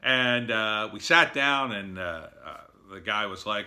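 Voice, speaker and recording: A man's voice: on the low side, normal speed, hardly any pauses, pushed and bright. A middle-aged man giving blunt, opinionated screenwriting advice in a casual monologue, with fillers and acted-out quotes.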